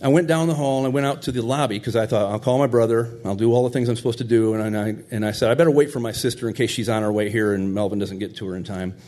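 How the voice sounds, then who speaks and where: A man's voice: medium pitch, fast talker, hardly any pauses, a little mellow. A middle-aged man telling a heartfelt personal story in a conversational, tender way.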